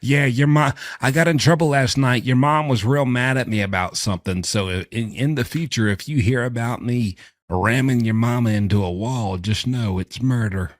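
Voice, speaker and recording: A man's voice: medium pitch, normal speed, hardly any pauses, no echo, clean studio sound, natural voice. A man putting on a simpering, spineless father who coos in mocking, syrupy baby talk. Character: simpering spineless father cooing to his daughter.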